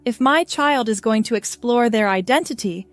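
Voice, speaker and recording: A woman voicing a gentle, loving middle-aged mother who speaks softly and soothingly. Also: on the high side, expressive, moderate pace, no echo, faint music behind, lightly acted. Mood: tender. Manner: soft, tender and soothing.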